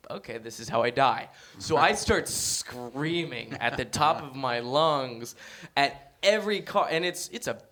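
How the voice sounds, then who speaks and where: A young man chatting as a podcast guest, telling stories in a lively, animated way. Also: medium pitch. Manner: animated storyteller, acts out quotes. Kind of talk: casual interview chat.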